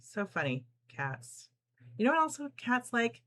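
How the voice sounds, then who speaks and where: A woman's voice: low-pitched, very animated, moderate pace, a bit bright. A middle-aged woman from New Jersey hosting a casual live sew-along, chatting, laughing often and reading out viewers' comments as she sews. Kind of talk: casual live-stream chat while sewing.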